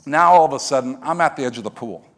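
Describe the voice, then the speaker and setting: With a mid-range voice and a fast delivery, a middle-aged man tells an audience a story as a motivational speaker. He is animated and swings from quiet, hushed moments to loud ones.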